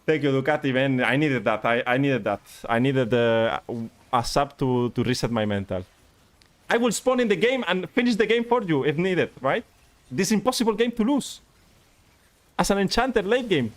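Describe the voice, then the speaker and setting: Young man, game coach, exasperated, animated, slightly high voice. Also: moderate pace. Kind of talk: live-streamed gameplay review.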